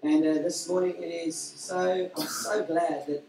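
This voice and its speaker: Male pastor leading a service, rambling and full of fillers, mid-pitched voice, heard from a distance in an echoey hall. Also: flat delivery, a little slow, slight background noise. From South Africa. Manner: warm, rambling, with frequent fillers and self-corrections. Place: church hall during a service. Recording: roomy church hall from a distance, faint music.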